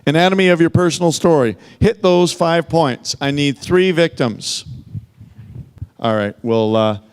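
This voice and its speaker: A man's voice: a little high, measured pace, smooth. Emphatic man coaching a sales team. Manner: emphatic, peppered with rhetorical "okay?" and "right?". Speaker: sales trainer. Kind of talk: motivational sales training talk.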